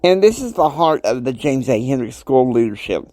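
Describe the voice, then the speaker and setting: A man in his fifties delivers a motivational podcast monologue with a lively, swooping pitch. He talks emphatically and preachily, dropping into quiet asides, then bursting out loud. The sound is dry and close, with no room in it. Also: brisk, dry recording. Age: 50s. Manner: emphatic, preachy, swings between soft asides and loud outbursts. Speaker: podcast host.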